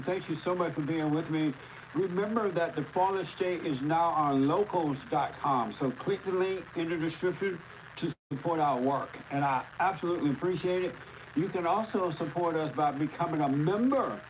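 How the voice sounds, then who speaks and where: A man from Alabama with a Southern US accent, opening his show and politely asking an interview question in a slow, plain way. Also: a little high, slight background noise, poor audio. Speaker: show host.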